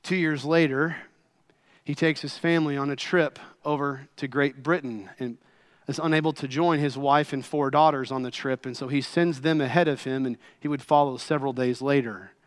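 A man preaching a sermon, impassioned, swinging between loud pleading and hushed quiet. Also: mid-range voice, fairly even intonation, moderate pace.

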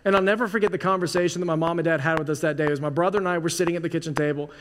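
A man's voice: a little high, fairly even intonation, racing. A man preaching a sermon as pastor, in a casual, conversational way full of "like" and restarts. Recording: long hall reverb, faint noise.

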